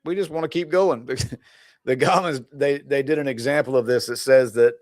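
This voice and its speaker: A man's voice: mid-range voice, moderate pace, a little mellow, no room sound. Chatty man coaching in a dry, close voice. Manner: rambling, chatty, laughs often. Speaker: relationship coach. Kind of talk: casual livestream talk to viewers.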